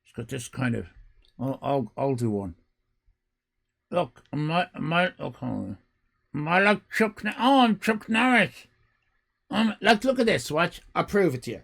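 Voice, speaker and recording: A man hosting a live stream, grading viewers' drawings in a mock-stern, theatrical way and often breaking into shouts. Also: a little high, lively intonation, a little slow, gravelly, long pauses. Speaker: livestream host.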